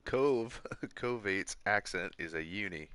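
Low-voiced man streaming a fishing game. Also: normal speed, creaky, pushed and bright, no room sound. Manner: joking, chatty, laughs often. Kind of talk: casual live-stream chat. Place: home room.

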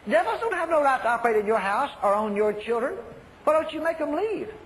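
A man voicing God as a stern, commanding figure who presses hard with loud, insistent questions, in an echoey hall recording. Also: extremely high pitch, big pitch swings, a little fast, pitched above the performer's own voice, exaggerated voice.

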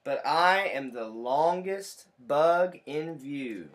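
A man voicing a proud long male centipede in a storybook reading, slow and emphatic. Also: fairly high pitch, lively intonation.

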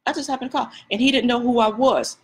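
A prophetess delivers a conversational sermon fast, her voice on the high side and her intonation fairly even. She repeats phrases and turns to speak directly to those listening.

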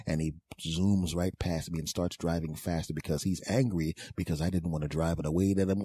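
A man's voice: low-pitched, mellow, husky, no room sound, clean studio sound. A middle-aged man hosting a podcast, telling a comic story in an exasperated, sarcastic rant and repeating phrases for emphasis. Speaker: podcast host.

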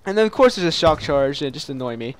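A young man casually commenting while playing a shooter game, excitable and prone to loud yelps and mock-dramatic taunts. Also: on the high side, fast talker. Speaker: gaming channel host. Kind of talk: live gameplay commentary.

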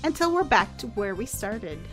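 A woman's voice: on the high side, sing-song, moderate pace. A woman reading the lines of an earnest male debater in a game, reasoning step by step. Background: game soundtrack music.

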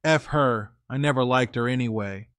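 A towering young Eastern European man, put on by a male storyteller, who talks bluntly in clipped slang. His voice sits at an ordinary middle pitch. The recording is dry, with no room sound. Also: normal speed, fairly bright tone, smooth, no room sound, lightly acted.

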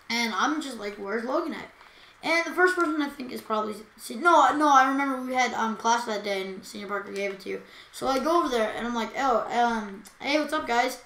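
A teenage girl co-hosting a podcast, telling school stories in a casual chat and acting out what people said. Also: high voice. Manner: animated storytelling, acts out quotes. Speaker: podcast co-host. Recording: echoey room.

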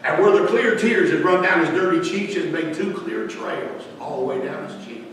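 A man preaching a revival sermon as a story, going from soft quoted speech to loud pleading. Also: a little high, animated, moderate pace. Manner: folksy storyteller, dropping to soft quotes and rising to loud pleas. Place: church sanctuary. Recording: echoey church hall, distant mic, faint noise.

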